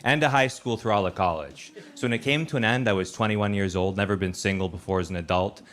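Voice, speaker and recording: Low-voiced man telling stand-up stories. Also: fast. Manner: deadpan, conversational storytelling. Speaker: stand-up comedian. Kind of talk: stand-up storytelling. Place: comedy stage. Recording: loud background noise.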